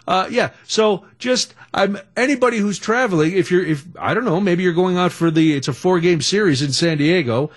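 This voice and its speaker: A middle-aged man hosting a radio talk show, telling a story in a chatty, animated way. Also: high voice, moderate pace. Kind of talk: casual storytelling.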